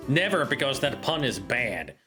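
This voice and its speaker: Guy streaming a game, mid-pitch voice, rambly jokey commentary, quiet game music behind. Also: big pitch swings, moderate pace. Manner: chatty, joking, rambling asides. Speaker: gameplay streamer. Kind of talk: casual gameplay commentary.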